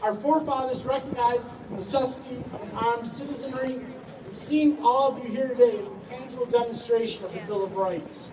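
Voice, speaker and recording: A man speaking as an attorney guest at an outdoor rally, measured and addressing the crowd directly. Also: extremely high pitch, noisy background. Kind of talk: formal rally speech. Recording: echoey PA sound from far off with crowd.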